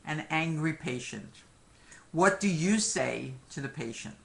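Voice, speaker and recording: A man's voice: fairly high pitch, animated, measured pace, creaky, fairly bright tone. A man teaching a live online review lecture, talking conversationally, joking now and then and dropping "okay" and "my friends" between points. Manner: frequent "okay" and "my friends" asides. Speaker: medical exam lecturer.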